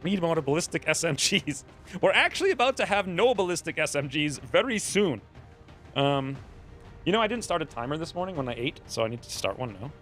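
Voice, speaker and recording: Over soft background music, a man with a fairly high, bright voice talks a little fast with big pitch swings. He's streaming a strategy game, chatting loosely and drifting distractedly into anecdotes between moves.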